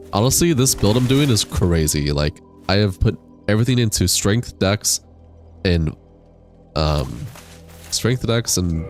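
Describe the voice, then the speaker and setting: A young man streaming a game, chatting casually with a deep, crackly chest voice on a high-quality microphone, laid-back and rambling with casual swearing. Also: darkish tone. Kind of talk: casual livestream chat while gaming. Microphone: high-quality studio microphone.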